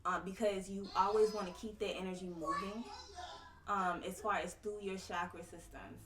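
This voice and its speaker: A woman's voice: mid-range voice, steady tone, moderate pace, far from the mic, background noise. Slang-loving woman explaining with conviction. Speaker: guest, tantric sex coach. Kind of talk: casual podcast conversation. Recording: roomy, a little off-mic.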